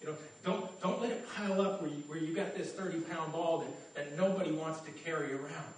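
A man with a fairly high voice preaches briskly as a pastor, stumbling into repetitions of his first words while staying earnest and conversational. Slight background noise mixes into the distant, echoey room recording.

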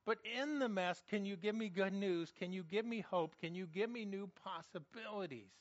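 A pastor delivers an earnest, emphatic sermon at normal speed, stumbling over repeated words as he drives his point home with questions. His voice sits high for a man, and the dry recording sounds a little muffled.

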